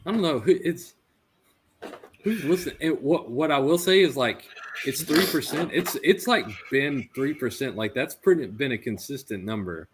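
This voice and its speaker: Man, thirties, podcast co-host, casual chat, animated storyteller, quick to laugh, faint background hiss. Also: mid-range voice. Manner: animated, laughs often while telling stories.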